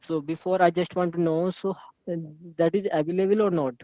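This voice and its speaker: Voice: medium pitch, steady tone, warm tone. Hesitant learner, dull line. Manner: hesitant, halting, with grammar slips. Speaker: English learner in a hotel job. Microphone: video call.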